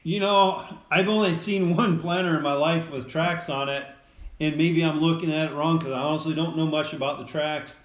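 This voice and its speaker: A middle-aged man, a farmer and father, chatting in a plain-spoken, measured way on a family livestream. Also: on the high side, steady tone. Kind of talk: casual livestream chat. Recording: roomy echo.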